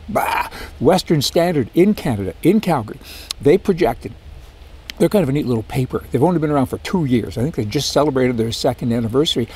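A man's voice: fairly high pitch, a little mellow, slight background noise. A man hosting a political commentary monologue, ranting with sarcastic asides. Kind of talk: opinionated monologue.

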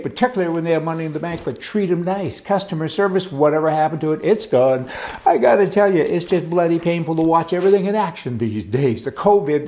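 A man's voice: fairly high pitch, a little mellow. A man hosting a talk monologue, telling stories casually and adding sarcastic asides. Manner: chatty storytelling, sarcastic asides. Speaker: talk show host. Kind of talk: casual political commentary monologue.

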